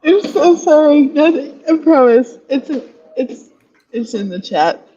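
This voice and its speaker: A woman's voice: high-pitched, expressive, unhurried, warm tone. A woman on a live stream, talking in a casual, giggly and apologetic way. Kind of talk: casual online chat. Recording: dull lo-fi audio.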